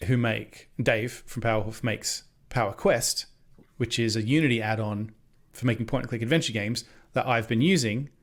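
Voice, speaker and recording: A man co-hosting a games podcast with a gravelly, creaky voice. He rambles in loose casual chat, corrects himself as he goes, and swears without a second thought. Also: medium pitch, moderate pace. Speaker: podcast co-host.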